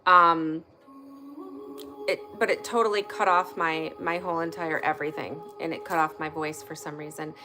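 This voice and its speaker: A woman with a low-sitting, bright, forceful voice speaks at a normal speed with fairly even intonation. She's hosting a casual online live session from her fireplace-side home, chatting frankly and swearing freely at annoyances, while soft music plays.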